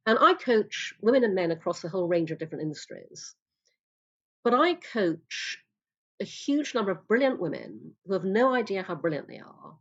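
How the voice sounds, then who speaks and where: Blunt woman guest, swears, lowish voice, kinda muffled lo-fi audio. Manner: blunt, emphatic, swears freely. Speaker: podcast guest, coach. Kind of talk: casual interview talk.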